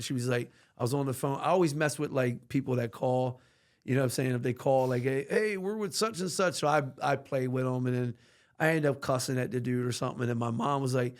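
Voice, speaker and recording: A man talking candidly as a podcast guest about his recovery, earnest and animated, with casual slang and cussing. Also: medium pitch, brisk.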